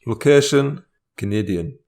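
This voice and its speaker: A man's voice: fairly low pitch, lively intonation, measured pace, a little mellow. A man co-hosting a comedy podcast, reading out prompts with dry, wry asides. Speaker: co-host.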